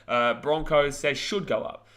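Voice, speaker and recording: A young man in his twenties runs a casual sports chat stream, reading out viewer comments. His voice is bright and forceful. He talks bluntly and rambles, with plenty of fillers. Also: on the high side, unhurried. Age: 20s.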